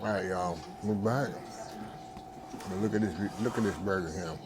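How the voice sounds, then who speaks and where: A man's voice: low-pitched, moderate pace, crowd noise. A man, a food vlogger hosting, chatting casually to viewers and calling them y'all. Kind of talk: casual vlog chat to viewers. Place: car in the rain, then small diner. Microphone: lapel mic. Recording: noisy road and diner background.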